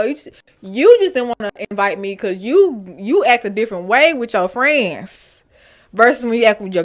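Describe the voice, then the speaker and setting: A woman hosting a storytime vlog. She reads online posts aloud and reacts to them in an animated, dramatic, slangy way. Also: a little high, moderate pace. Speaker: storytime vlogger.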